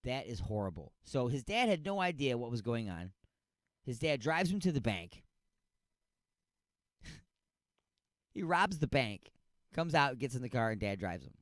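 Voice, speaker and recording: A man's voice: mid-range voice, very animated, unhurried, pauses often, no echo. A man hosting a radio show, giving a sarcastic, rambling comic rundown of odd news stories. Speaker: radio host.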